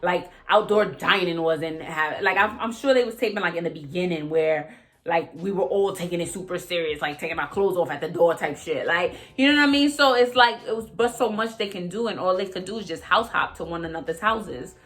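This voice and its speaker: A young woman vlogger in a casual, animated rant, swearing freely and jumping between topics, often mimicking other people. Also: on the low side, normal speed, faint music behind. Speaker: vlogger recapping reality TV. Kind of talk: casual chat.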